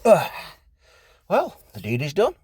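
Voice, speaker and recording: A man's voice: on the high side, huge pitch swings, slow pace, darkish tone, breathy edge, no room sound, studio quality. A man talking to camera in a casual, jokey, self-mocking vlog. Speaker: vlog co-host.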